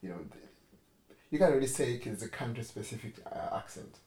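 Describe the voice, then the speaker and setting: A podcast co-host from Africa chats casually, rambling, correcting himself and laughing often. His medium-pitched voice is warm and sing-song, moving fairly quickly. The recording has a roomy echo with faint ambience.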